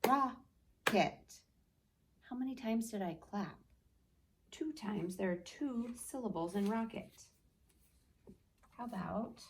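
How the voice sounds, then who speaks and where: A woman teacher giving a remote lesson to young children, speaking slowly and clearly, modeling words and answers for the class. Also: medium pitch, warm tone, slight background noise. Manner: slow, clearly spoken teacher voice.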